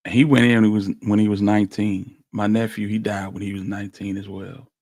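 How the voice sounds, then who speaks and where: A man speaking casually and somberly about people he knew, pausing often. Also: on the low side, little pitch movement, darkish tone, no room sound, clean studio sound. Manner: slow, somber, with many pauses and fillers. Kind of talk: casual reflective talk.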